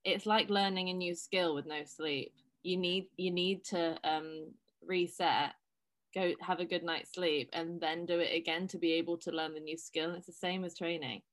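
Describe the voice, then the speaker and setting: A woman co-hosting a casual fitness chat, frank and quick to swear. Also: on the low side, steady tone.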